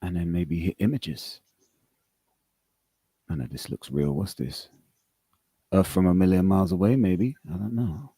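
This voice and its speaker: A man's voice: sits low, unhurried, long pauses, dark tone, breathy edge, no echo. A man on a live podcast call, arguing casually, swearing and reading aloud off his screen. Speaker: podcast host.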